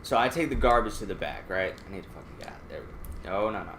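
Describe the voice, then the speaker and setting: Speaking quickly with lively intonation, a let's play gamer with a low-leaning, bit-bright voice rambles through a profane story mid-game, often restarting. The recording has an echoey room sound and a little hiss or hum.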